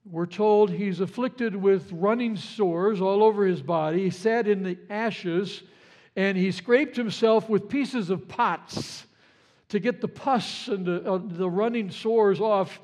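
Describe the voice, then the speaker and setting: A man's voice: sits high, slow, darkish tone. A man preaching a sermon in a conversational way, often restarting his words and acting out quotes. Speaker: pastor.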